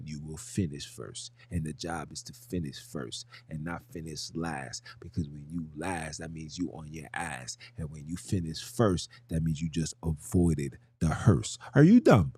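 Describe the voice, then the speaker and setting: Husky-voiced man preaching on a livestream. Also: rumbling low, fairly even intonation, a little slow, few pauses, mellow. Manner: preachy, argumentative, slangy, asks rhetorical questions. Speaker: podcast host. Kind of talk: livestream podcast monologue.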